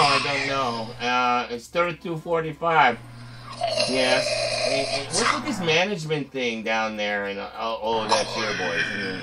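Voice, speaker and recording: A man performing a one-sided comedy skit, nervous and placating, stammering as he talks to someone unseen. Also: mid-range voice.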